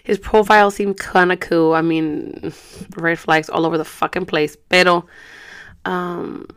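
A woman's voice: lowish voice, steady tone, unhurried, a bit bright, smooth. A woman in her thirties ranting to her viewers in a casual vlog, frustrated and profane, slipping in Spanish words. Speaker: vlogger.

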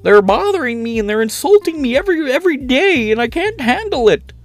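A man doing a mocking impression of an older male pundit, in a high, whiny, self-pitying voice. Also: sing-song, a little fast, soft background music, full character voice. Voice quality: high, pleading whine.

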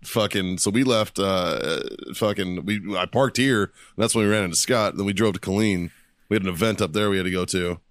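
A man's voice: low voice, fairly quick, dry recording, studio quality. A man hosting a podcast, telling stories in casual chat, laughing often and swearing constantly. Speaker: podcast host.

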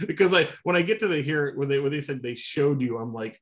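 A man's voice: fairly high pitch, normal speed, a bit bright. A man co-hosting a sports podcast, telling long chatty stories and laughing easily. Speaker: podcast co-host, TV reporter. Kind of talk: casual sports podcast chat.

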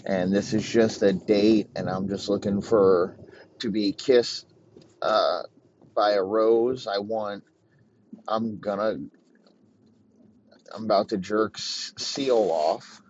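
A man's voice: fairly low pitch, steady tone, slow pace, long pauses, a little mellow, lo-fi sound, a little hiss or hum. A man voicing a nervous, scheming young woman who rambles and curses at herself in a comedy story. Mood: regretful. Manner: rambling, profane, self-scolding.

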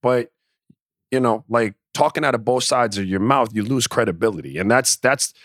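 A man from Miami and the Virgin Islands co-hosting a sports podcast, relaxed and slangy. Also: medium pitch, moderate pace, dry recording, clean studio sound. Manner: laid-back, agreeing, slangy. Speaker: podcast co-host, former player. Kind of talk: casual sports chat.

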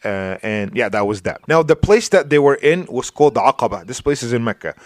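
A male preacher delivers a relaxed religious lecture, with a voice of ordinary pitch for a man. He often checks in with his listeners, fills pauses with small words and restarts his sentences. The recording is dry and close, with no room sound. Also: no echo. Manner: informal, checks in with "right?" and "you know", many fillers and restarts. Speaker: Islamic preacher.

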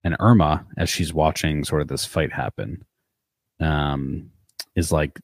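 Very deep-voiced man recapping casually. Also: steady tone, unhurried, no echo. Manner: swears freely, narrates the plot loosely. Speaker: podcast co-host.

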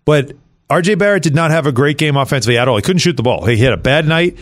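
A man hosting sports radio, talking through a game with animated emphasis. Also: fairly high pitch, fast. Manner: animated, lots of fillers and restarts. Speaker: radio host.

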